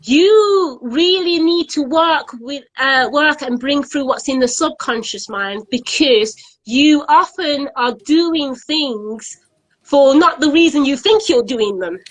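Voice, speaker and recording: A high-pitched woman speaks earnestly in a casual live-stream conversation. She often repeats words as she searches for the next thought. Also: lively intonation, slow pace, rough recording. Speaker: event organiser, guest. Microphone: online live stream.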